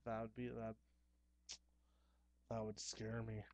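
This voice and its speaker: A young man talking casually to camera at home, chatty and excitable, with playful asides. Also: on the low side, slow, dry recording. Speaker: horror movie vlogger. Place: dim room at home.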